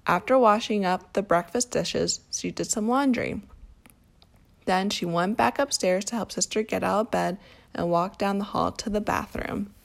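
A woman reading a picture book aloud to a child, telling the story in a calm, steady way. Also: mid-range voice, moderate pace, gravelly. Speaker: storybook reader.

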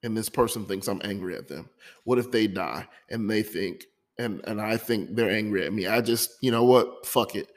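A man's voice: on the low side, moderate pace. A man hosting his own podcast, talking through a hard week in an emotional personal monologue, often stumbling and repeating words. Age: adult, divorced. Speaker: podcast host.

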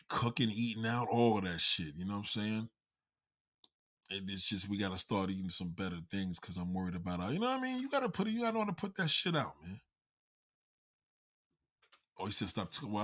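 A man with a husky, low voice rants to his viewers, swearing constantly and mocking as he goes. His pitch swings widely, rising high on his rhetorical questions. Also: fairly bright tone. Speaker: vlogger. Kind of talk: profane comedic rant to camera.

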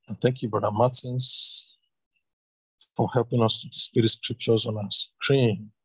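A man with a husky voice reading the Bible aloud with loud emphasis. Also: mid-range voice, flat delivery, a little slow, no echo, poor audio. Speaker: Bible reader. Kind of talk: scripture reading.

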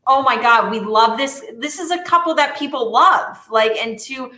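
Bright animated woman in an echoey room. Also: fairly high pitch, normal speed. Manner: animated, exasperated, many fillers. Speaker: podcast co-host. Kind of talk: casual chat.

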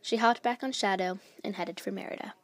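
Woman reading a story, slightly halting. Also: medium pitch. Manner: plain, slightly halting reading with small restarts. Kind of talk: reading her own fan story aloud.

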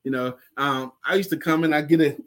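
A man co-hosting a casual live show, chatting and telling a story in an animated, dramatic way. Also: a little high, fairly quick. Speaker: co-host.

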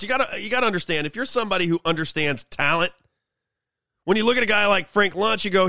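Gravelly high-voiced male host. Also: quick pace, sharp tone, no echo. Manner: sarcastic, mocking. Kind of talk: political commentary monologue.

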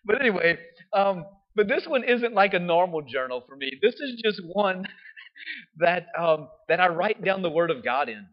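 A man's voice: high-pitched, sing-song, normal speed. A man preaching a sermon in a conversational way, often checking in with his listeners by asking "right?". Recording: dull lo-fi sound.

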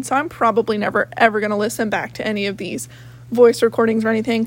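A young woman with a gravelly, raspy voice, hosting a casual solo podcast from her home office and rambling chattily with plenty of swearing. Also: on the high side, fairly even intonation, rapid-fire. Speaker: podcast host.

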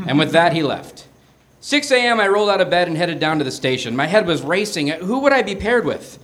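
Animated man reading a comic story live. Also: on the high side, fairly quick. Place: small theater with a live audience. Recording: noisy live stage recording.

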